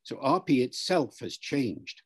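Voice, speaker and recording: An older man answering an interviewer's questions in a measured, lecturing way, spelling out words and demonstrating pronunciations. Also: medium pitch, sing-song, husky. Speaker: linguist being interviewed.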